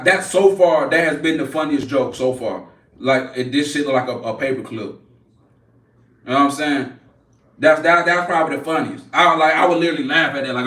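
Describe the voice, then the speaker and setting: A man's voice: on the high side, bright, forceful tone, far from the mic. A man in his forties hosting a casual livestream, brash and profane as he mocks trolls in the chat. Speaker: livestream host. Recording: echoey room, off-mic.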